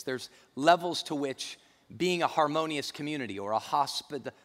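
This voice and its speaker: A man's voice: on the high side, fairly bright tone, long reverb tail. A male pastor preaching a sermon in a church, emphatic and repeating key phrases.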